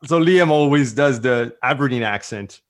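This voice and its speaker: Enthusiastic rambling man, middle pitch. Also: moderate pace. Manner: enthusiastic, rambling with many "like" fillers. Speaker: guest entrepreneur. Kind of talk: casual conversational interview.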